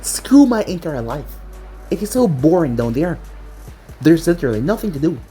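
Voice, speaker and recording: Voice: mid-range voice, sing-song, normal speed, warm tone, natural voice. A narrator voicing a bratty, sarcastic nineteen-year-old girl who whines and complains, over faint music. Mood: whiny. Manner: whiny, sarcastic.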